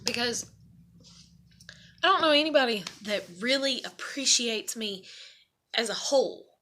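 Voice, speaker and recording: A woman speaks in a rambling, profane confessional vlog from her apartment. Her voice sits a little high and has a sharp, forceful edge. She leans heavily on fillers and swears freely. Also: lively intonation, a little slow. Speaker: vlogger. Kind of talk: casual confessional monologue.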